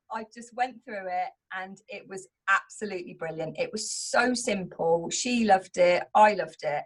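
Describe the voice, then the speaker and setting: A woman's voice: medium pitch, measured pace, fairly bright tone. A middle-aged woman who runs a home business and leads a team, speaking openly and earnestly in a candid motivational talk. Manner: open and earnest, speaking in a confessional tone.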